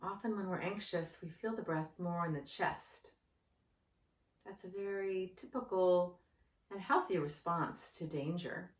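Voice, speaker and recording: Soothing, slow-spoken female yoga therapist. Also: fairly low pitch. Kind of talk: guided breathing instruction. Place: indoor room with yoga mat. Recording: roomy, distant from the mic.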